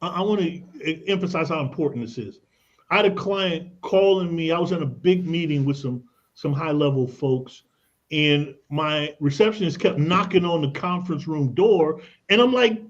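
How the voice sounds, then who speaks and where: A man's voice: on the high side, moderate pace, dull audio. A man guesting on a radio interview, explaining in an emphatic way and telling anecdotes. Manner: emphatic, tells anecdotes, repeats "look at this". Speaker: credit expert guest.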